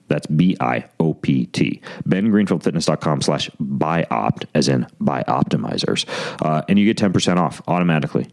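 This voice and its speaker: A man's voice: a bass voice, darkish tone. A man hosting his podcast, reading sponsor ads in a joking, rambling way. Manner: joking, rambling, self-mocking. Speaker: podcast host. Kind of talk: casual ad read.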